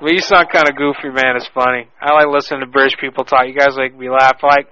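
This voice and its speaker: A man's voice: mid-range voice, flat delivery, fast talker, sharp tone, smooth, dry recording, highs cut off. A man hosting a prank call show, joking crudely and swearing as he takes calls. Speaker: host taking calls.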